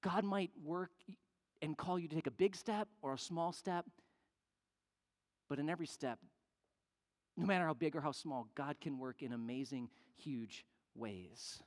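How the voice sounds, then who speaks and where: Preacher spinning a story from the pulpit, middle pitch, lots of echo in the church. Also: measured pace, long pauses. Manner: animated storyteller acting out quoted people. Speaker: pastor. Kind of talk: sermon storytelling. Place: church sanctuary. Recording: long church reverb.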